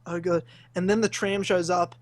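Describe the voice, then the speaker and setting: A man's voice: high-pitched, normal speed, no room sound. A man, telling a story on a casual podcast, swearing freely and acting out the voices of the people in it. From Australia. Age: 20s. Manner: animated, swears freely, acts out voices in stories. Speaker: podcast host.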